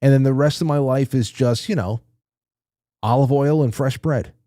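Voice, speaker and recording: Dark-voiced man hosting a livestream. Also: mid-range voice, normal speed, dry recording, studio quality. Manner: rambling, candid, swears casually. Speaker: podcast host. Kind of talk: casual livestream chat. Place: dim small studio room.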